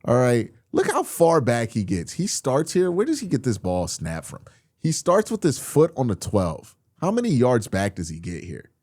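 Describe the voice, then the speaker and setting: Animated man breaking down game film. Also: medium pitch, moderate pace, no room sound, clean studio sound. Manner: animated, exasperated, swears, addresses viewers as y'all. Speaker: football film breakdown host. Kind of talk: casual film-review commentary.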